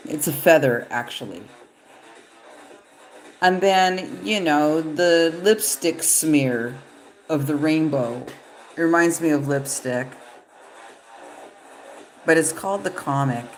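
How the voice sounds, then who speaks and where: A woman's voice: deep voice, slow pace, long pauses, soft background music. A woman reading tarot cards live, talking in a loose, rambling, profane way. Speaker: tarot reader. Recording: echoey room.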